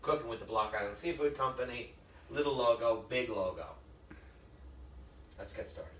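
A chatty male chef talks viewers through a live cooking demo, joking and calling them folks as he goes. His voice sits at a middle pitch, picked up from a distance in a roomy, echoing space. A faint hiss of noise runs underneath. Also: moderate pace, a bit bright. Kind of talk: live cooking demonstration with storytelling. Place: kitchen or library demo room.

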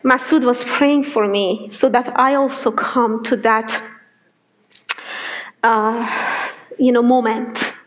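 A woman's voice: a little high, takes it slowly, pauses often. A woman telling her faith story with strong feeling, acting out the dialogue as she goes. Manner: animated storytelling that acts out quoted dialogue. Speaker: testimony speaker. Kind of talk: emotional personal testimony.

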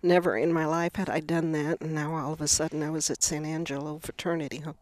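A woman's voice: sits low, level tone, fast, darkish tone, no echo. A middle-aged woman speaking frankly as a guest in a candid conversation. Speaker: guest, mother of the host.

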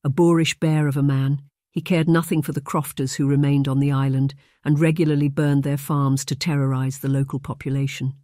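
Even, steady audiobook narrator for a romance; mid pitch, dead dry sound. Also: brisk, few pauses, dry recording. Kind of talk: scripted narration.

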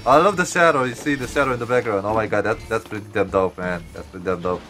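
A young man gives fast, casual gameplay commentary over music, excitable and profane, stuttering and restarting, and letting out sudden high yelps.

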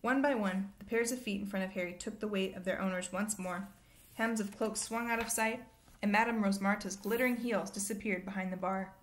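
Lady reading a chapter book out loud, steady plain storytelling. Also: medium pitch, fairly quick. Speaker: reader. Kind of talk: reading a novel aloud.

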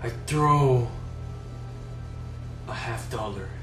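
A man doing goofy, shouty gameplay commentary full of mock panic. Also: medium pitch, extremely slow, echoey room, recorded from a distance, music in the background.

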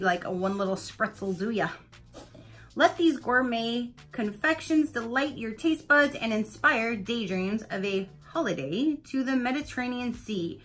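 A woman's voice: on the high side, a bit bright. A woman reviewing an unboxing in a gushing, chatty way and addressing her viewers directly. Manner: gushing, chatty, many "like"s and "you guys". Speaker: unboxing vlogger. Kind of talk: casual product review.

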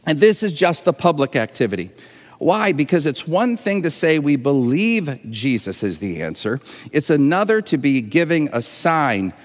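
A man's voice: mid-range voice, big-room sound. A man preaching a sermon to an online audience, earnest and emotional, often restarting and repeating words. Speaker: pastor. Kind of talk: livestreamed sermon.

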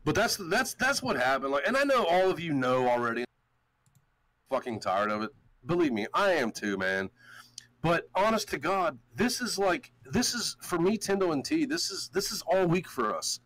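A man's voice: fairly high pitch, very animated, moderate pace, a bit bright, no room sound, low-quality recording. A man hosting a podcast, ranting in a heated, profane, storytelling way. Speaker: show host. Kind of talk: casual podcast rant.

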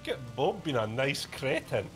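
A man's voice: mid-range voice, very animated, measured pace, a bit bright. A young man in casual gaming banter, throwing playful insults and laughing. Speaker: gamer. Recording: game music in the background.

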